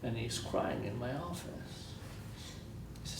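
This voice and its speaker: A man's voice: mid-range voice, animated, slow, vocal fry, roomy sound, background noise. A man from Israel giving a lecture, telling stories earnestly and repeating phrases for weight, recorded from far off in a university lecture room. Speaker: guest lecturer. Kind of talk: storytelling lecture.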